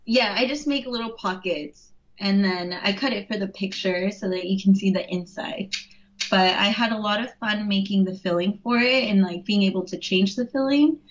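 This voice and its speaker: A woman talking easily as an interview guest, relaxed and often laughing, with plenty of ums between thoughts. Her voice sits at an ordinary middle pitch. The recording sounds a little dull and lo-fi. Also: normal speed. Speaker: interview guest, home vegan cook. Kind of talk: casual interview chat.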